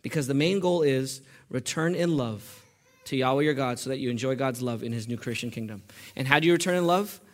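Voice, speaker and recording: A male pastor preaching a sermon, quizzing his congregation with questions and building to loud, impassioned peaks. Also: medium pitch, fairly quick. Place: church.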